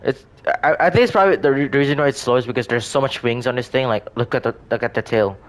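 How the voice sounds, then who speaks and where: A man's voice: mid-range voice, quick pace. Rambling man showing off his game builds. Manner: rambling, hesitant, frequent restarts and self-corrections. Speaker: gaming video creator. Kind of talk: casual gameplay commentary.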